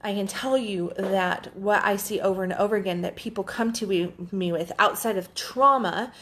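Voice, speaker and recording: A woman's voice: mid-range voice, normal speed, a little hiss or hum. Chatty, candid woman life coach. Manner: chatty and candid, swears freely; animated storyteller, quotes others in lively voices. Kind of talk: casual solo podcast talk.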